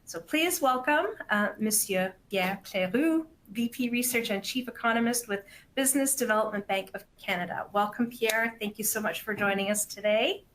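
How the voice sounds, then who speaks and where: A woman's voice: mid-range voice, normal speed, fairly bright tone, a little hiss or hum, rough recording. A woman hosting a business webinar, reading poll questions and a guest introduction in a chatty, upbeat way. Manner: chatty, upbeat, reads polling questions aloud. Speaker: webinar host.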